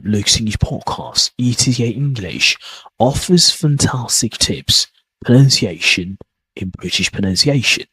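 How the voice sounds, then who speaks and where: A man's voice: mid-range voice, bright, forceful tone, breathy edge, low-quality recording. A man giving a podcast lesson as an accent coach. He talks in an emphatic, encouraging way and often checks in with "okay?".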